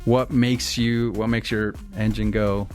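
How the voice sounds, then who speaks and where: A man hosting a casual studio interview, upbeat and quick, leading his guests with questions. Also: fairly low pitch, little pitch movement, darkish tone, faint music behind. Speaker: podcast host.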